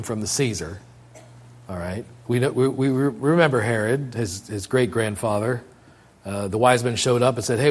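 Man, preacher, sermon, mid pitch, animated delivery, repeats phrases for emphasis. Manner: animated, rising high and loud when quoting and paraphrasing, dropping low for emphasis.

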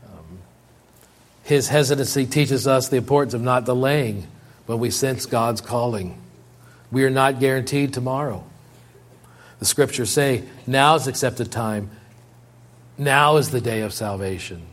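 A man preaches a sermon at an unhurried pace with frequent pauses, reading and paraphrasing scripture. He rises high and loud on quotations, drops low and quiet to drive points home, and repeats key phrases.

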